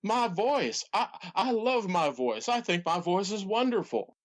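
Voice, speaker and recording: Man doing announcer impression, drawling, halting delivery, colorful insults, comedy podcast. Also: sits high, very animated. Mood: indignant. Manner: hesitant, drawn-out, colorful put-downs. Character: folksy Southern wrestling announcer, blustery, easily riled.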